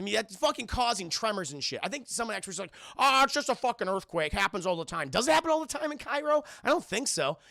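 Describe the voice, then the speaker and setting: Gravelly, high-pitched excitable man. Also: no room sound, studio quality. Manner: rambling, profane, excitable, keeps addressing chat. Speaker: film reviewer streaming to chat. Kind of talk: casual spoiler film recap.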